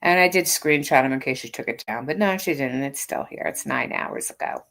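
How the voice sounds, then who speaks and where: A woman's voice: extremely low pitch, expressive, brisk, vocal fry, fairly bright tone. A woman in her fifties hosting a casual livestream, reading out a critic's posts and mocking them with sarcastic comebacks. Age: 50s. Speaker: livestream host. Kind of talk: casual reaction stream.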